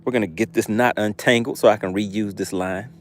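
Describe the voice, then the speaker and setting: A man's voice: on the low side, fairly even intonation, brisk. A man hosting a live fishing stream outdoors, reading viewer chat aloud and teasing them playfully. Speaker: fishing livestream host. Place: outdoors by the water.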